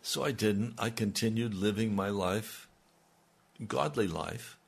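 An older man preaching on the radio as a pastor, earnest and reflective, his voice sinking low at the ends of thoughts. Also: vocal fry, slightly rough. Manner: slow, earnest, dropping to near-murmurs. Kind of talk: radio sermon.

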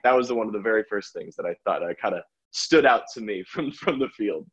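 A man co-hosting a casual sports chat who chuckles often and talks in a halting way, with fillers. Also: lowish voice, expressive, a bit bright, husky, dull audio. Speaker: podcast co-host, pitchside reporter.

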